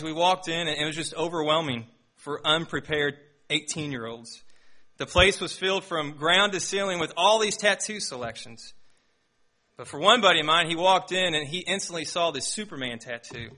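Bright-voiced young man preaching. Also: on the high side. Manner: storytelling, self-deprecating, animated. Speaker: pastor. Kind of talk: sermon with personal story.

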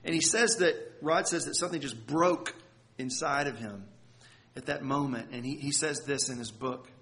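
A man preaching a sermon, telling a story earnestly, often repeating words and pausing for effect. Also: medium pitch, fairly bright tone. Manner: earnest, halting with repeated words and dramatic pauses. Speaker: pastor.

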